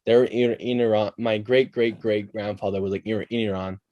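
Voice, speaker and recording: A young man from Canada, a podcast guest chatting casually and telling animated stories with quick asides. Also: on the low side, dry recording, lo-fi sound. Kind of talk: casual chat.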